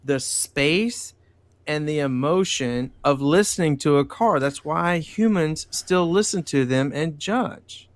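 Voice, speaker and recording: A man's voice: fairly high pitch, slow pace, no room sound. A man from the United States hosting a casual chat, joking and teasing his guests. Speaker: podcast host.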